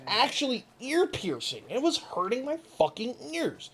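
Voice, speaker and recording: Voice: medium pitch, very animated, normal speed, a bit bright. A gaming channel host ranting casually over gameplay, rambling and swearing freely, with frequent laughs.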